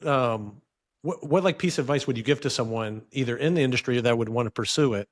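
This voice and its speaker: A man's voice: mid-range voice, fast. Easygoing man interviewing. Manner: easygoing, laughs along. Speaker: interview host. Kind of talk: casual interview questions.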